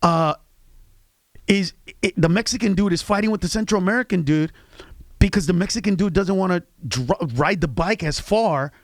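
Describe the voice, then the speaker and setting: High-voiced comedian guy on radio, super animated, close dry mic. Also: moderate pace, no echo. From Honduras. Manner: animated storytelling, jumping into loud impressions and shouted punchlines. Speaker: comedian guest. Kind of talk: radio interview banter. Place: radio studio.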